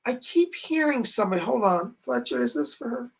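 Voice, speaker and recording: Chatty male psychic with a gravelly voice. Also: very high-pitched, lively intonation, fairly quick, rough recording. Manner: chatty, earnest, reassuring; retells messages with repeated "she said". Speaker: psychic medium. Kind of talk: livestream readings for viewers. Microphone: streaming from home to camera.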